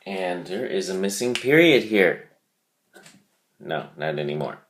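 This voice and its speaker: A male teacher walks through a vocabulary word in a lesson video. His voice sits low, and he moves slowly and deliberately. He repeats key words so they sink in. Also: expressive, fairly bright tone.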